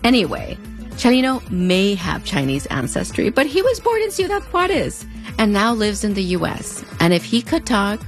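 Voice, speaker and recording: A woman's voice: medium pitch, huge pitch swings, normal speed, faint music behind. A woman in her thirties with a US–Mexico border accent, narrating a scripted video essay in a wry, playful, conversational way. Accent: US–Mexico border (fronterizo). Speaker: host.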